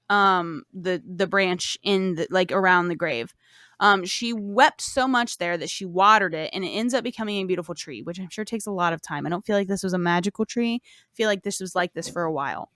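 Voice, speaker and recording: A woman's voice: mid-range voice, normal speed, fairly bright tone, dry recording, studio quality. A woman hosting a podcast, retelling a fairy tale in a casual, profane, rambling way. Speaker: podcast host. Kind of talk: casual storytelling.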